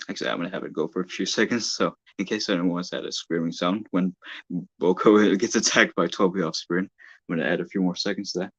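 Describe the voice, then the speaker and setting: A man's voice: low-pitched, steady tone, fast talker, fairly bright tone, husky, no room sound. A man filming toy trains at home, chatting casually on a phone live-stream and often correcting himself. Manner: rambling, self-correcting. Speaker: hobby toy-train filmmaker. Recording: dull lo-fi phone audio.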